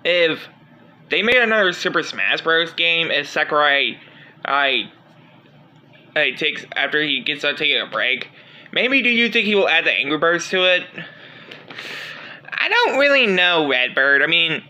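Bright-voiced young man rambling about games. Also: a little high, big pitch swings, unhurried, pauses often. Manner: rambling, with many restarts and fillers. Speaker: fan video creator. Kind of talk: homemade toy-show narration and chat.

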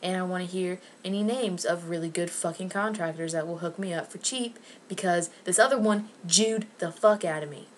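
A woman in a fed-up rant, cursing and sarcastic as she vents to her viewers. Her voice sits on the low side. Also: moderate pace, few pauses, slight background noise. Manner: angry, profane, sarcastic. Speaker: vlogger. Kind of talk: ranting to camera.

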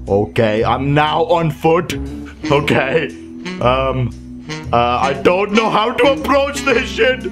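Man, young adult, gameplay commentary, excitable, swearing, game music behind. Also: on the high side, creaky. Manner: excitable, yelling and laughing often, swearing. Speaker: gaming commentator.

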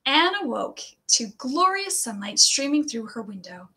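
A woman reading stories aloud to children in a cheerful, animated and expressive way. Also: on the high side, measured pace. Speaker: storyteller for children. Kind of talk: children's read-aloud storytime.

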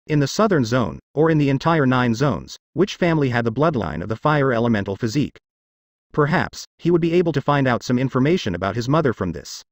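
A man reading a fantasy novel as scripted audiobook narration, with an even, unhurried reading. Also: medium pitch, no room sound, clean studio sound.

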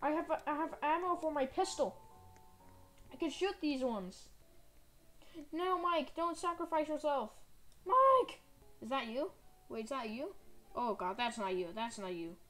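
A high-voiced woman narrating a video game as she plays it. She is excitable and melodramatic, and she keeps calling out to her teammate. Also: normal speed, soft background music. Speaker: gaming channel host. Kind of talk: let's-play commentary.

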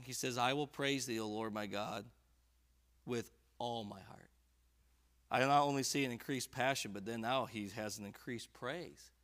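A man preaching at a church prayer service, reading scripture aloud and rising to loud, fervent emphasis on key lines. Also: medium pitch. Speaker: pastor. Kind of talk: sermon. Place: church sanctuary.

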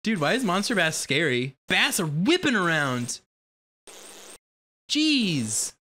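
A game streamer giving casual let's-play commentary, excitable and quick to swear and yelp at sudden scares. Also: mid-range voice. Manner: excitable, swears a lot, yelps at jump scares.

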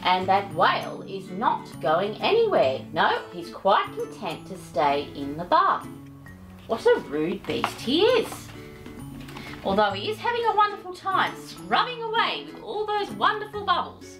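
A woman's voice: on the high side, huge pitch swings, unhurried, a bit bright, soft background music. Sing-song doting woman storyteller. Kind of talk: reading a picture book aloud.

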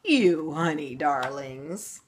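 Three doting old great-aunts speaking as one, voiced by a woman reading aloud. The voice drops lower and softer, drawn out slowly and sweetly. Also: expressive, heavily acted. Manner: soft, slow, doting.

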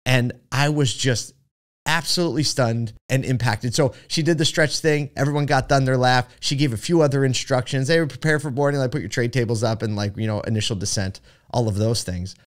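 A man's voice: mid-range voice, a little fast. A man hosting a podcast, telling a story in a chatty way with many fillers and asides. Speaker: podcast host. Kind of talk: casual storytelling monologue.

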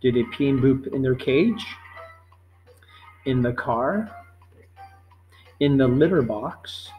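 A man teaching a life-skills quiz, reading each question slowly and patiently, then repeating it before giving the answer. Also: medium pitch, expressive, lo-fi sound, soft background music. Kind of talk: quiz lesson narration.

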